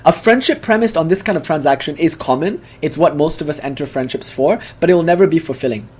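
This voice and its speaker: A man giving a casual, animated talk, full of asides, fillers and restarts. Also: fairly high pitch, quick pace, husky. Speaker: speaker giving a devotional talk. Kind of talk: casual lecture.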